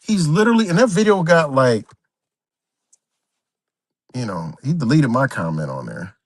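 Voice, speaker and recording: A man's voice: medium pitch, sing-song, moderate pace, no room sound. A man hosting a livestream, ranting unscripted, profane and emphatic, repeating himself and talking straight to his viewers. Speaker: livestream host.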